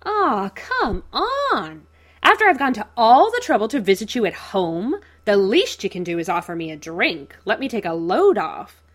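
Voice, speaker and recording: A woman's voice: medium pitch, very animated, normal speed, a bit bright. A woman voicing a gleeful, unhinged male villain who taunts in a manic, cackling way. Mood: taunting.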